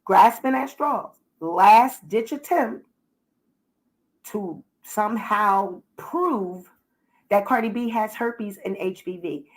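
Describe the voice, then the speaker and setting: A woman's voice: mid-range voice, slow, poor audio. A woman vlogger ranting indignantly through a profane commentary full of rhetorical questions.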